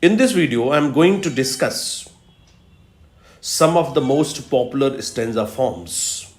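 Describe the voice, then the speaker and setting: A man giving a recorded lecture on poetry, teaching slowly and emphatically with repetitions and fillers. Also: mid-range voice, animated. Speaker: English literature lecturer. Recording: echoey room.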